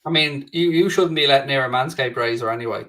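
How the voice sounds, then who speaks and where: A man's voice: medium pitch, quick pace, pushed and bright. A man co-hosting a casual football podcast, teasing the others and laughing. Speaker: podcast co-host.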